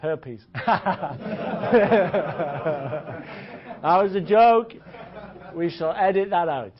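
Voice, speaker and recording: A man teaching a dating seminar in an animated, joking way, swearing and laughing often. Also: sits high, a little slow, crowd noise. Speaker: dating coach. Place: seminar room. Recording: dull lo-fi recording.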